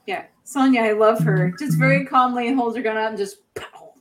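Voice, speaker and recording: A woman's voice: fairly high pitch, moderate pace, noisy background. A woman co-hosting a podcast, recapping a show in casual chat with lots of fillers and restarts. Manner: rambling, many fillers and restarts. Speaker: podcast co-host.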